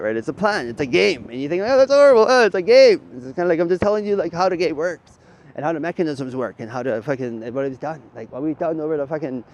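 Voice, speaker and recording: A man wanders through a loose monologue, swearing freely and ending thoughts with a questioning "right?". His voice sits at an ordinary middle pitch. Faint background noise stays under him. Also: darkish tone. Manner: rambling, profane, tags lines with "right?", laughs often. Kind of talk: rambling monologue.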